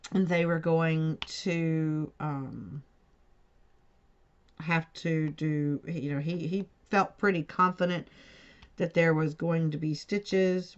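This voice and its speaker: Rambling woman chatting over crafts. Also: lowish voice. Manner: rambling storyteller with frequent self-corrections. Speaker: crafting vlogger. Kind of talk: casual chat while diamond painting. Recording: dull lo-fi home recording.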